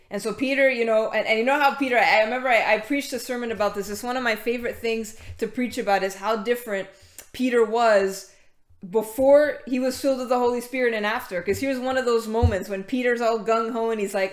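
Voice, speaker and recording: A woman's voice: fairly high pitch, fairly even intonation, fairly quick. A woman preaching a casual sermon, reading scripture and chatting informally with many fillers and restarts. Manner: conversational, many fillers and restarts, greets latecomers mid-talk. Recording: echoey room.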